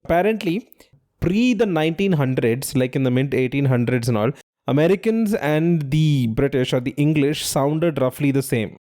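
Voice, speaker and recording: A man's voice: a little high, expressive, moderate pace, warm tone. A man co-hosting a quiz podcast, giving clues and explaining trivia at length in casual chat.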